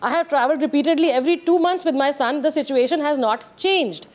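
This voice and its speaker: A woman's voice: sits high, fast. A woman with an Indian English accent speaking as a guest on a television debate, earnest and frustrated.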